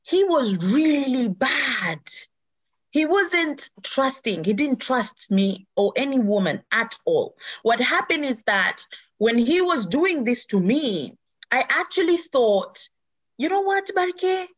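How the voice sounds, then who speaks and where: A middle-aged woman sharing a personal story, speaking earnestly and emotionally with halting restarts. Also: on the high side, big pitch swings, breathy edge.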